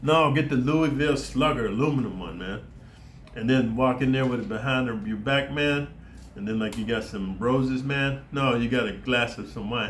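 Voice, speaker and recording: A man's voice: mid-range voice, normal speed, a bit bright, a little hiss or hum. A brash middle-aged man rants through a crude story, swearing freely and calling out "man" and "dude" every few words. His voice sits in a mid range. It rings with noticeable room echo. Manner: brash, foul-mouthed, peppers talk with "man" and "dude". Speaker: YouTube storyteller. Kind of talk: profane storytelling rant. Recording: roomy echo.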